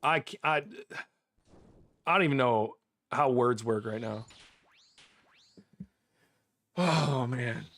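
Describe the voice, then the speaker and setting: An American man streaming a game live, excitable and chatty, repeating himself and laughing often. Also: mid-range voice, a little slow.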